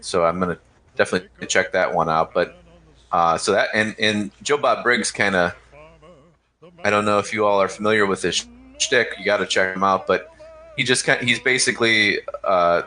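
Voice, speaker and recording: Deep voiced podcast guy, bright forward tone, chatty, loves sharing movie trivia. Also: poor audio. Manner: chatty, eager to share trivia. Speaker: podcast co-host. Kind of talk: casual movie review chat.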